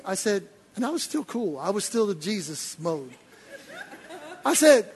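Older man, preacher, very high voice, husky, animated storytelling, long hall reverb. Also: normal speed. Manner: animated, swinging from low asides to loud excited outbursts. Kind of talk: sermon storytelling.

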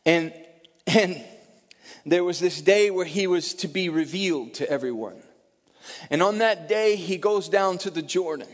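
A middle-aged male pastor delivers a tearful, emotional sermon, his voice sitting notably high. He builds to loud, emphatic peaks and then drops to soft near-whispers. The sound carries the long reverb of a large church hall. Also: measured pace.

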